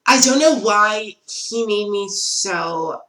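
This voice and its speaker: A woman's voice: medium pitch, animated, takes it slowly, bright, forceful tone. A young woman telling a casual storytime vlog, chatty and full of "like" fillers. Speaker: vlogger. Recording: roomy echo.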